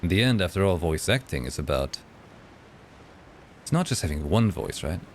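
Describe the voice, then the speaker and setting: A man chatting casually with viewers on a game live stream, lively and playful, slipping into voices for fun. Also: low-pitched, moderate pace, a little hiss or hum.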